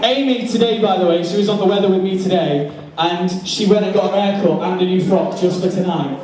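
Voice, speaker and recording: A man's voice: high voice, fairly quick, a little mellow. A man hosting an awards night on stage, announcing winners with playful, teasing banter. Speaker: awards host. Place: large event hall, on stage. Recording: very echoey hall, distant mic, crowd.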